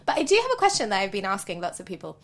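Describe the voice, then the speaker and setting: A woman's voice: mid-range voice, wildly swooping pitch, rapid-fire. A woman co-hosting a podcast, chatting casually and laughing often, with a lot of "like" and "um". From not from the UK. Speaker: podcast co-host. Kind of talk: casual chat.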